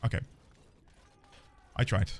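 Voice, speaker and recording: A man streaming a game, chatting casually in a playful, rambling, self-mocking way. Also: slow. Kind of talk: casual gameplay commentary. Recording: game music behind.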